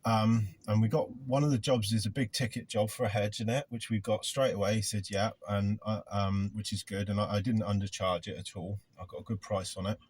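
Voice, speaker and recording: Brief: middle-aged man, low husky voice, loud rambling van chat. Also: level tone, fairly quick, hardly any pauses. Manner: loud, chatty, rambling, self-deprecating. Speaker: gardening business owner, vlog host. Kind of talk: casual chat. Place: inside a van.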